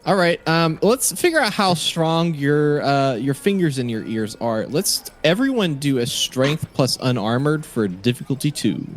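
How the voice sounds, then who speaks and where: A man's voice: on the high side, lively intonation, a little slow, hardly any pauses. A man running a tabletop game as game master, narrating the scene and often restarting his phrases.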